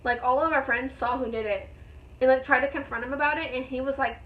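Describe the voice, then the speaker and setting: High-voiced young woman, tinny phone-like sound. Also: quick pace. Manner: rambling, excited retelling full of fillers. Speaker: vlogger. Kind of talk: casual storytelling vlog.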